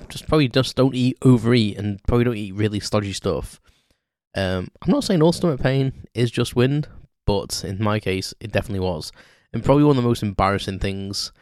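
A man's voice: fairly low pitch, a little fast, clean tone, dry recording, clean studio sound. A man hosting a podcast, telling a story in a rambling, chatty, self-deprecating way with lots of ums. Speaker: podcast host. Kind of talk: unscripted storytelling monologue.

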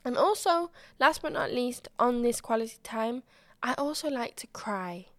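Woman, podcast host, casual solo chat, candid and expressive, swears freely, highish voice, dry close sound. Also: normal speed, no echo.

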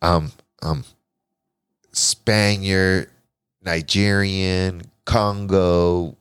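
A man in his forties, a podcast guest, telling a personal story in casual, animated talk, often quoting himself and swearing. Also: low-pitched, very slow, clear, resonant tone, no room sound, studio quality. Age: 40s. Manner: animated, profane, restarts and quotes himself.

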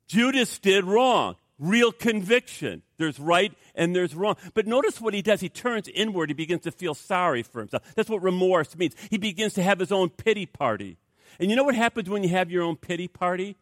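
A man preaching from the pulpit in a fairly high voice, emphatic and conversational. He drives his points with rhetorical questions. The sound is close and dry. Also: animated, moderate pace, fairly bright tone, dry recording. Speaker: pastor. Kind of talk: sermon.

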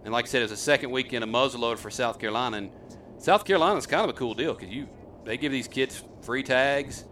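A man's voice: mid-range voice, fast talker, a bit bright, a little hiss or hum. A middle-aged man and father hosting a hunting video, telling the story in a chatty, rambling way and quizzing his sons. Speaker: host, hunter and father. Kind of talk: casual storytelling to camera.

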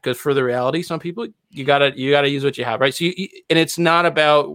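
A man's voice: medium pitch, fairly even intonation, fast, few pauses, a bit bright, dry recording. Man giving earnest advice, dry sound. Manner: earnest, lecturing on a soapbox. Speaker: podcast host. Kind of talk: casual podcast chat.

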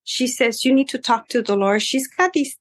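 A woman hairstylist telling stories about her clients, animated, acting out their voices, with many fillers. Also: on the high side, normal speed. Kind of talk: casual storytelling interview.

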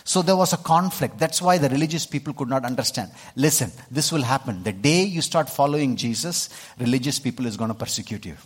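A man's voice: medium pitch, animated, a little fast, hardly any pauses, breathy edge. A man with an Indian accent preaching a sermon to a congregation, speaking emphatically and often checking in with his listeners. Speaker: pastor. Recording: long hall reverb.

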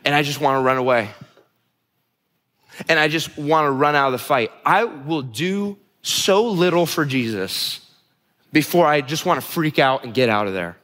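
A man's voice: on the high side, normal speed, fairly bright tone. A young man preaching a sermon, earnest and confessional, often restarting his sentences. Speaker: pastor. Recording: long hall reverb.

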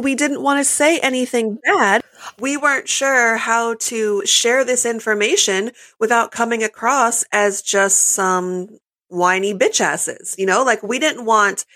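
A woman's voice: fairly high pitch, fairly bright tone. A young woman co-hosting a podcast, talking in a wry, casual way. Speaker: podcast co-host. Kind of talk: casual chat.

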